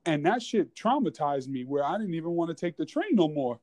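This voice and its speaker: A young man from New York, hosting a casual chat and telling a story in a relaxed way, with many "like"s. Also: a little high, brisk. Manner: laid-back, filler-heavy, many "like"s. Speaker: host.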